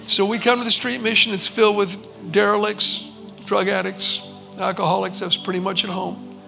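Gravelly-voiced man preaching a testimony. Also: high-pitched, level tone, moderate pace, pushed and bright, soft background music, poor audio. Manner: earnest storyteller, conversational with quoted dialogue. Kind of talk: sermon testimony storytelling.

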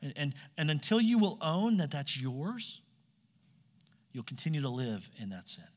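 A man's voice: a little high, very animated, moderate pace, darkish tone. A man preaching a sermon, asking his listeners direct questions and acting out quoted voices. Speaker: pastor. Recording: long hall reverb.

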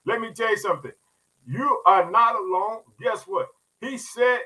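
A man with a high, very bright, ringing voice delivers a fervent podcast sermon. He talks in a casual, folksy way. He circles back to his points again and again and calls his listeners "family.". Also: fairly quick, breathy edge, poor audio. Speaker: preacher.

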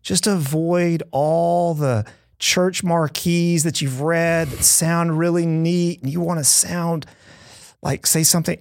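A man's voice: a little high, a little slow, creaky, no room sound. A man who is a pastor, talking in a podcast conversation with earnest, heartfelt storytelling.

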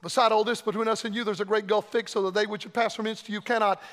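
Impassioned high-voiced preacher in a hall. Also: male voice, little pitch movement, fast. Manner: impassioned, shouting then dropping low. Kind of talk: revival sermon.

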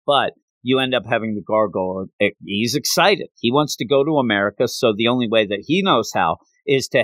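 A man casually retelling a comic book story in a chatty, animated way, acting out the scenes as he goes. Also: medium pitch, brisk, hardly any pauses, no room sound.

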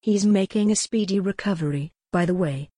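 A woman reading an audiobook voices a cool, mocking man who leads a sinister order, with a smooth, sardonic manner. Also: medium pitch, moderate pace, warm tone, no echo, studio quality, natural voice.

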